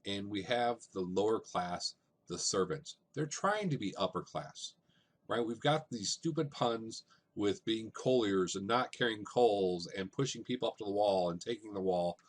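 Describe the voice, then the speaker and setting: A male teacher walks through a play in a casual lecture, dropping "um"s and checking in with "right?". His voice sits low and a little husky, and he keeps the tone easy and conversational. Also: animated, normal speed.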